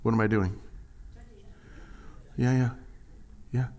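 A man preaching a sermon, animated and jokey, swinging from quiet asides to loud, high exclamations. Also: slow pace. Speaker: pastor.

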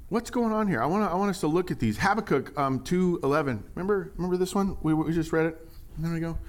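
A pastor delivers a sermon in a conversational, animated style, acting out little quotes along the way. His voice is on the high side and his pace is quick.

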